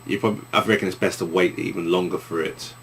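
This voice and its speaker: Young east london guy, low voice, answering viewer questions, rambly, bit of hiss behind. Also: fairly even intonation, brisk, a bit bright. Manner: rambling, with many restarts and fillers. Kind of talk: casual Q and A vlog.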